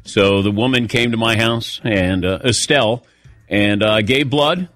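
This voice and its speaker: A man's voice: lowish voice, unhurried, a bit bright, dry recording, studio quality, faint music behind. A man hosting a sports radio show, telling a self-mocking story in casual chat while a little lightheaded.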